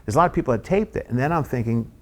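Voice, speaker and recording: A middle-aged man, a guest comedian, telling an animated anecdote and acting out the people in it. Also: medium pitch, very fast. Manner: animated anecdote-telling, acts out quoted voices. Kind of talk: storytelling chat.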